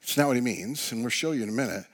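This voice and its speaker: A male pastor delivers an earnest sermon in a mid-range voice. He often drops to a soft hush on key words. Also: mid-range voice, rapid-fire.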